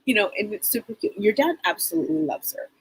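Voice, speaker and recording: Woman, middle-aged, psychic host, live reading, rambling with fillers, very husky voice. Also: mid-range voice, expressive, quick pace, rough recording. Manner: rambling and casual, many fillers.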